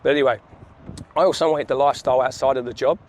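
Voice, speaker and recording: A man's voice: mid-range voice, fairly even intonation, racing, darkish tone. A man, telling his story in casual chat while walking down a city street, laughing and swearing freely. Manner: laid-back, swears freely, laughs often. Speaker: vlogger, sales coach. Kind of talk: casual walk-and-talk storytelling.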